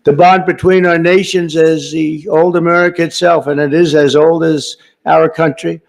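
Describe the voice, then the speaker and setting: A man speaking at an indoor reception in a gravel-edged voice pitched a little above the usual male range. He rambles off script, calling out to guests and teasing them between prepared lines. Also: little pitch movement, moderate pace. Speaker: host of a reception, giving a speech. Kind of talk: off-the-cuff speech. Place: large reception room, indoors.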